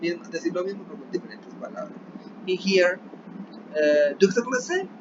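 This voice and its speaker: His pitch swinging widely, a male teacher with a Colombian Spanish accent talks students through a recorded online English lesson. He code-switches between English and Spanish and repeatedly asks "yeah?" to check in. His voice is a touch higher than most men's, and the muffled, lo-fi audio has clear background noise.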